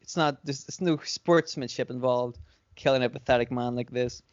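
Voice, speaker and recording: A man's voice: mid-range voice, steady tone, moderate pace, no echo, muffled recording, lightly acted. A man quoting an exasperated cocky wrestler. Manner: exasperated, swaggering. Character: annoyed, cocky male wrestler.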